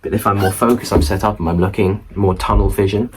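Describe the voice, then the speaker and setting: A man's voice: fairly low pitch, fairly even intonation, fast, husky, poor audio. A young man talking casually to camera in a room, explaining study tips with chatty asides to the viewer. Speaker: student study vlogger. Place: indoor room at home. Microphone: camera mic facing viewer.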